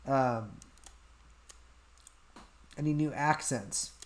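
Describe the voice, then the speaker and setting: A man hosting a casual livestream, reading out chat questions and answering them in an offhand, deadpan way at a desk mic. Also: medium pitch, drawn-out words. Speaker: podcast host answering chat.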